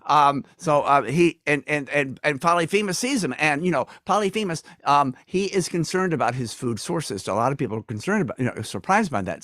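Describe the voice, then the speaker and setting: A man's voice: medium pitch, lively intonation, fairly quick, fairly bright tone, dry recording, studio quality. A man singing a comic folk song and retelling it as a rambling, punning story on a livestream. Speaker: folk singer-songwriter.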